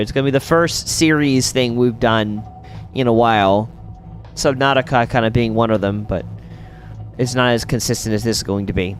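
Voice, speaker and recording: A man streaming and chatting casually while playing a video game, rambling with lots of fillers and bursting out in sudden excitement. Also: medium pitch. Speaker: streamer and host.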